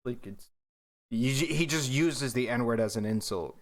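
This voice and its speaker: A man's voice: medium pitch, measured pace. A young man streaming, talking loosely in casual reaction commentary with lots of fillers. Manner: loose, rambling, filler-heavy.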